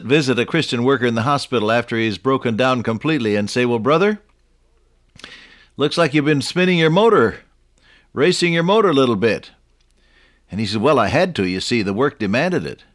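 A man giving a Bible sermon in a relaxed, talky way, turning to his listeners with questions like "isn't that true?" and chuckling at his own stories. His voice sits at an ordinary male pitch, recorded close and dry with no room sound. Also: no room sound. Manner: conversational, asks listeners rhetorical questions. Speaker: preacher.

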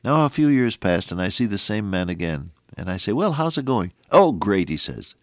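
A man's voice: fairly low pitch, big pitch swings, normal speed, hardly any pauses, no room sound, clean studio sound. A middle-aged man preaching a radio sermon in a folksy, conversational way, with asides to the listener.

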